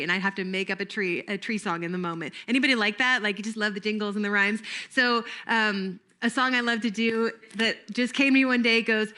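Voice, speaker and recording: A woman's voice: a little high, fairly even intonation, a little fast, few pauses, pushed and bright. A middle-aged woman giving a playful camp training talk to volunteers, laughing often and breaking into made-up jingles.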